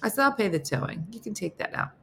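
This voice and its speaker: A woman chatting on a morning show, telling a story with lots of energy. Her voice is bright and clear. She jumps up high when she acts out each side of a phone call. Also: fast, a little hiss or hum. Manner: animated, acts out both sides of phone calls with big pitch jumps. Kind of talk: casual storytelling chat.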